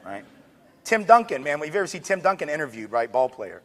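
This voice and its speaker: A man giving an energetic public lecture with joking asides. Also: on the high side, fast. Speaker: speaker on diversity. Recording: long hall reverb.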